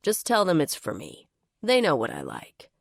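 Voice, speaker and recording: A woman's voice: deep voice, huge pitch swings, normal speed, creaky, no room sound, studio quality, exaggerated voice. Woman voicing a curt, bossy male boss.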